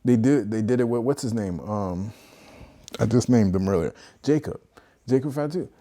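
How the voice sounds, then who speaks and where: A man holds forth in a loose, animated rant on a live stream. His voice sits low and mellow, and he keeps breaking into mocking impressions when he quotes other people. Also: moderate pace. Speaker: streamer host. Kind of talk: casual wrestling commentary on a live stream.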